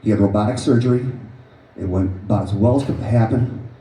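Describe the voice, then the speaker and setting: A man addresses a live audience at an event, telling a personal story in an earnest, emphatic way. His voice is deeply mellow and dark. It is caught from far off the microphone, with the echo of a large room around it. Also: a little fast. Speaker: author presenting his book. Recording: roomy echo, voice far from mic.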